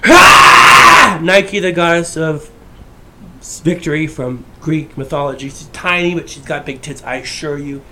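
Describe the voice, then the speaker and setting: A man ranting on his channel in a brash, profane way, swinging from shouts to mutters. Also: a little high, a little hiss or hum. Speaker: YouTuber. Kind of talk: casual ranting monologue.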